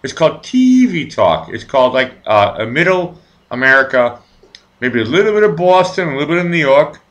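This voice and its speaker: A man hosts a live talk stream in a bright, tense voice, and his pitch swings widely. He rambles, stammers on fillers and throws in crude jokes. The pace is loose and chatty. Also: very animated, brisk. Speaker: live show host. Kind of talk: casual live chat.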